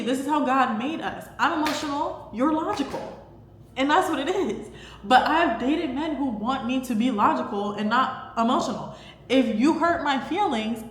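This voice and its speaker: A woman's voice: medium pitch, fairly bright tone. A young woman hosting a casual faith talk to camera, chatty and emphatic, with lots of fillers. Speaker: podcast host. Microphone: camera microphone. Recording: echoey room, faint background hum.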